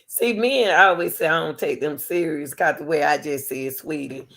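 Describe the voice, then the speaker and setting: A woman in her 60s hosts her channel, chatting casually to the camera in a playful, teasing way, laughing often and calling people "baby" and "sweetie." Her voice is deep and gravelly with a slight brightness, at a normal speed.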